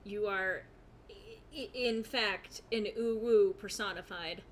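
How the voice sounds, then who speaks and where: A woman's voice: mid-range voice, slow pace, a little hiss or hum. A young woman streaming a game, chatting casually, laughing often and reading chat aloud in a rambling way. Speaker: gaming streamer.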